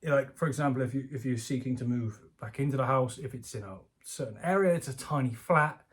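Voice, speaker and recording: A man's voice: medium pitch, quick pace, husky. A man giving casual, jokey commentary from home as a YouTuber, rambling and laughing often. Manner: chatty, jokey, self-deprecating, laughs often. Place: home room.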